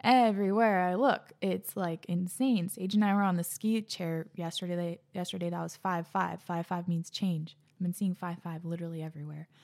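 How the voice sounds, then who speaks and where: A young woman hosting a casual solo podcast, earnest and gushing, slipping into soft breathy asides, and out of breath. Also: fairly low pitch, fairly even intonation, normal speed, few pauses. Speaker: podcast host.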